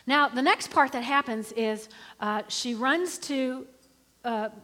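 A middle-aged woman preaching a sermon in an animated, conversational way, often calling for the congregation to respond. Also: high voice, slow pace. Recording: reverberant hall.

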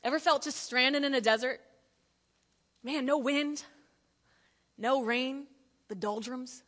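A woman preaching a lively sermon in church, telling jokey stories and acting out quotes. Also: high-pitched, slow pace.

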